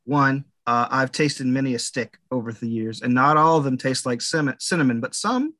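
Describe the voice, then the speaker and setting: Bright sharp voiced guy on a podcast, dry close sound, crude jokes. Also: mid-range voice, expressive, no room sound. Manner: crude joking, quick laughs. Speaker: podcast co-host. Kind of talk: casual chat.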